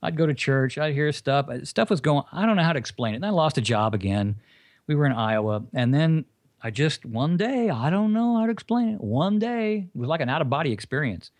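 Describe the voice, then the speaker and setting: A man recounts his faith story to an interviewer. His slightly high voice swings widely in pitch as he tells it with energy and throws out emphatic rhetorical questions. The sound is dry and close. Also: brisk, no echo. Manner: animated storyteller, asks himself emphatic questions. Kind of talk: personal testimony in conversation.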